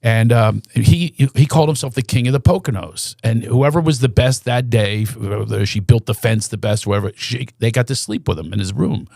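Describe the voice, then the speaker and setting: Comedian guy telling stories on a podcast, gravelly voice, dry close mic, keeps restarting sentences. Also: mid-range voice, moderate pace, hardly any pauses, no room sound. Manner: animated storyteller who slips into quoted voices; restarts and stammers mid-story. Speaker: guest comedian. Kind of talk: storytelling in a podcast chat.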